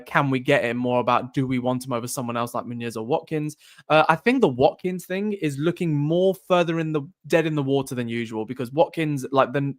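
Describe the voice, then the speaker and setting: Irish guy doing a live stream, mid pitch, reads out chat comments and just chats back casually. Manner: chatty, reads viewer comments aloud and answers them.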